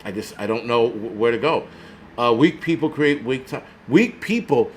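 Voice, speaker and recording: A man's voice: mid-range voice, lively intonation, moderate pace, a little hiss or hum. An older man, hosting his own channel and ranting with heavy profanity and sarcasm. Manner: profane, sarcastic, mocking voices of others. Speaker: prepper channel host. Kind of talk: angry vlog rant. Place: New York City.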